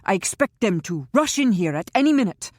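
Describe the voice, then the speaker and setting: A woman's voice: mid-range voice, big pitch swings, a little slow, darkish tone, breathy edge, no echo, studio quality, pitched above the performer's own voice, heavily acted. A woman voicing a panicked, boastful middle-aged male captive, frantic and pleading, then blustering. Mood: defiant.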